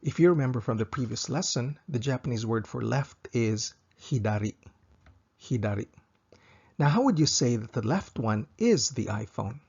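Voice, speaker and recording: Male language tutor: husky, gravelly, patient, repeats each phrase twice, dull lo-fi recording. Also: medium pitch, expressive, darkish tone. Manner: slow, careful, repeats each example twice for practice. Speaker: Japanese language teacher.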